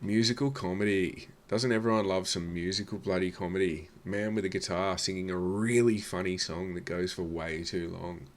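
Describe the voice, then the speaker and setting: A man's voice: low-pitched, fairly even intonation, moderate pace, hardly any pauses, background noise. Scornful Australian man reacting. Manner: scornful, blunt, swearing. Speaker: reaction video host. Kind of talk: sarcastic reaction commentary.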